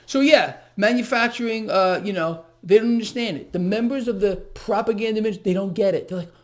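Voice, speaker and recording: A man's voice: high voice, brisk. Sarcastic, worked-up man ranting. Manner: agitated, sarcastic, mocking. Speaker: market commentary host. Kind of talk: ranting solo market commentary.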